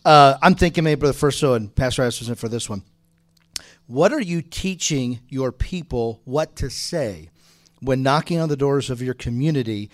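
Fast-talking earnest man moderating a panel. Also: medium pitch. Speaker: panel moderator at a church conference. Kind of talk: conference panel discussion.

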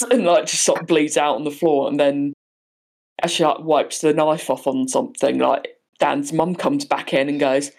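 A young woman in casual chat, retelling a film with lively quoted voices and frequent laughter. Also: low-pitched, measured pace.

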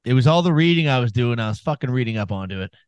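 Male co-host, mid pitch, dry close sound, blunt and loose, drops casual swears. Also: expressive, very fast, no echo. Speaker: podcast co-host. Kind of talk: casual sports chat.

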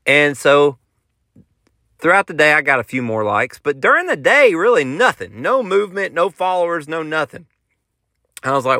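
A man's voice: fairly high pitch, very animated, unhurried, pushed and bright, no room sound, studio quality. A man with a Southern US accent, hosting a podcast and telling a joking, folksy tall tale in a casual storytelling style. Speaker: podcast host, country musician.

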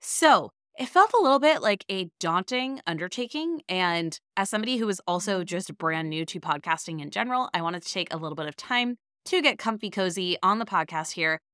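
A woman's voice: on the low side, lively intonation, fairly quick, hardly any pauses, a bit bright, clean tone, dry recording, studio quality. A woman in her thirties hosting her podcast, sounding a bit nasal from a cold, talking with eager, earnest enthusiasm. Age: 30s. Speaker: podcast host. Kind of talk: casual podcast talk.

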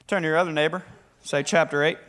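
A young man with a Southern accent preaching a lively, joking sermon to a congregation and prompting them to answer back. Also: on the high side, fast. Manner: talkative, energetic, joking. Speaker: pastor. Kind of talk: lively sermon with call-and-response. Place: church hall with a live congregation.

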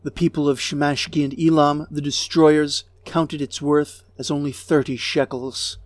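A man giving a grave, measured reading of an ancient lament as narrator. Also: on the high side, flat delivery, no room sound. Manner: slow, grave, measured delivery.

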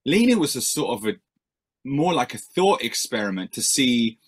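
A man's voice: mid-range voice, big pitch swings, normal speed, husky. A male musician answering interview questions in a rambling, self-deprecating way, with many fillers and restarts.

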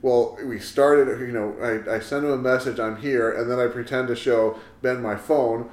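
A man's voice: medium pitch, fairly even intonation, normal speed, roomy sound. A man co-hosting a podcast, chatting casually and joking as he tells a rambling story. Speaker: podcast co-host. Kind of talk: casual chat.

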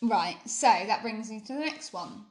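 A woman's voice: fairly high pitch, lively intonation, normal speed. Blunt, teasing woman co-host. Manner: blunt, teasing, laughs often. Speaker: podcast co-host. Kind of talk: casual chat.

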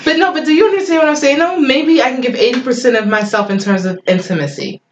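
A woman in a casual heart-to-heart talk, making her case quickly and defensively. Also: sits high, animated. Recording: roomy, dull, faint noise.

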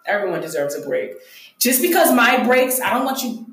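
A woman's voice: fairly high pitch, big pitch swings, moderate pace. A young woman hosting a casual solo podcast, talking candidly and profanely with self-mocking humor. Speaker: podcast host. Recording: very echoey room.

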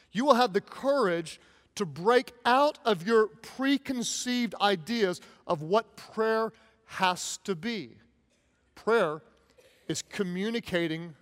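A man delivering a sermon in a relaxed, conversational way, slipping into little voices for the people he quotes. His voice sits high for a man. The long reverb of a large church hall trails after every phrase. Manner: conversational, animated, acts out quoted prayers. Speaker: pastor.

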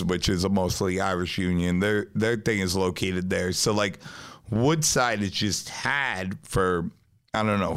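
A man's voice: fairly low pitch, a bit bright. A man with a New York accent telling a long story in casual, profane podcast chat. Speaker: podcast host, pizzeria owner.

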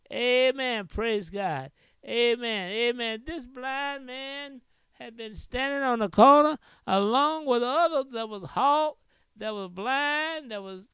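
A man pastor preaching a sermon. He drops in amens and hallelujahs all the way through and chants with a breathy "huh" after each phrase. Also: very high voice, a bit bright, dry recording, studio quality. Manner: frequent interjected amens and hallelujahs.

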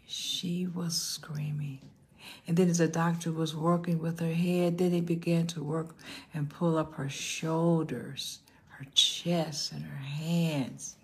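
An older woman pastor preaching a storytelling sermon, often dropping into hushed whispers for emphasis. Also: lowish voice, fairly even intonation, slow, husky. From United States.

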